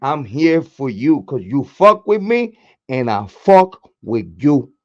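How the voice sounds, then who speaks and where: A hoarse man hosting a true crime livestream, cursing freely and hyping his chat with repeated chants, speaking into a desk mic. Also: mid-range voice, big pitch swings, slow, dull audio. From Puerto Rico. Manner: profane, repetitive hype chants. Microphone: desk microphone, camera off.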